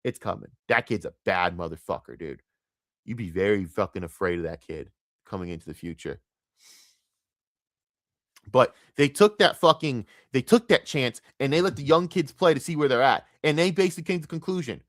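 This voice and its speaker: A man rants about football on his podcast, heated and profane, jumping between loud outbursts and low grumbles. His pitch swings all over, his tone is bright and forceful, and the recording is dry and close with no room sound. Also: sing-song, fairly quick, no echo. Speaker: podcast host. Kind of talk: profane sports rant.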